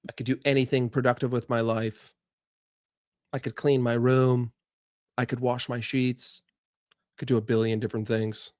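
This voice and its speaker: A man's voice: medium pitch, level tone, normal speed, pauses often, darkish tone, no room sound, studio quality. A young man streaming live, frustrated and swearing as he rants and answers chat about his football team. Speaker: fan channel streamer.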